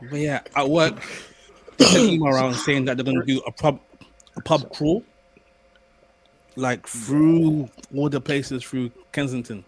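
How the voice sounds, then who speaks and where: A young man co-hosting a podcast, chatting casually and telling stories in an animated, stammering way. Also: medium pitch, measured pace, long pauses. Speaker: podcast co-host. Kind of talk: casual chat.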